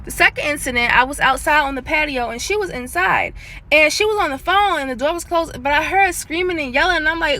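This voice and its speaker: A young woman talks straight into her phone, casual and chatty, calling her viewers y'all. Her voice sits high and comes across bright and forceful. It sounds like a phone mic held up close. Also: fairly quick. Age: late 20s. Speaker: storyteller. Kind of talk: casual spoken storytime. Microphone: handheld phone.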